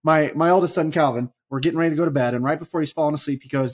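A husky-voiced man in his thirties tells family stories on a faith podcast. His voice sits a little high and gets lively as the story builds, and he often restarts his sentences. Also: racing, few pauses. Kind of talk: casual faith podcast chat.

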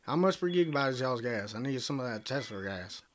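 A man's voice: medium pitch, animated, a little fast. A man with a Southern US accent making a prank phone call, rambling, bumbling and cursing as he talks. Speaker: prank caller.

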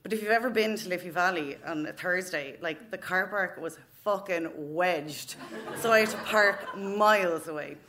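A woman's voice: lowish voice, moderate pace, crowd noise. A woman in her thirties with an Irish accent, telling a funny story at a live open mic night, frank and swearing freely. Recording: noisy live venue recording.

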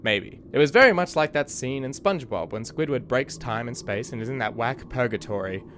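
A man's voice: mid-range voice, lively intonation, fairly quick, background noise. A man hosting a show and narrating his own comic adventure in mock-archaic, theatrical turns with dry asides. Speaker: podcast host and storyteller.

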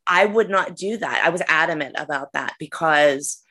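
A middle-aged woman with a low speaking voice chats casually as a podcast co-host. She talks frankly, full of fillers and restarts. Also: moderate pace, pushed and bright. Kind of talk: casual chat.

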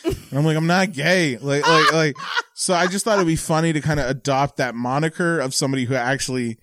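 A man's voice: a little high, fast, a bit bright, no echo, studio quality. A man, a stand-up comedian, chatting casually on a podcast after a few drinks, rambling with lots of filler words and swearing. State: tipsy.

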